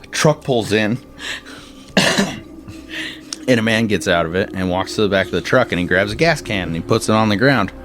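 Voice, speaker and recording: A man's voice: on the low side, lively intonation, moderate pace, pauses often, music in the background. A man running a tabletop role-playing game, narrating scenes in a casual, rambling way and laughing often. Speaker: game master.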